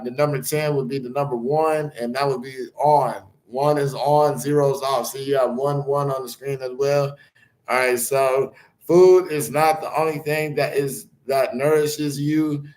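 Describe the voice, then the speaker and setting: A man's voice: on the high side, darkish tone, echoey room, poor audio. A man hosting his own spiritual channel, talking loosely and rambling between card readings and chanted blessings.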